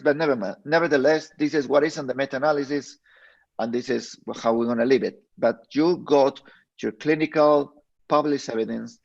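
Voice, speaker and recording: A man giving an online medical lecture, walking listeners through slides and addressing them directly, often halting and restarting phrases mid-word. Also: medium pitch, gravelly, a little mellow. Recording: dull lo-fi stream audio.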